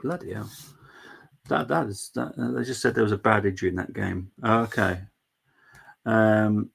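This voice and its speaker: A man's voice: lowish voice, vocal fry, a bit bright, husky. A young man hosting a live football watchalong stream, chatting casually and reading out viewer messages. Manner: chatty, reads out viewer messages, laughs often.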